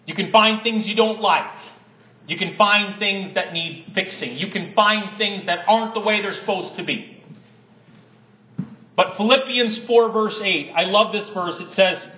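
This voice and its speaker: A man's voice: high voice, measured pace, echoey room, muffled recording. A man preaching a sermon with energy, reading stories aloud and building to emphatic peaks. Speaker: pastor.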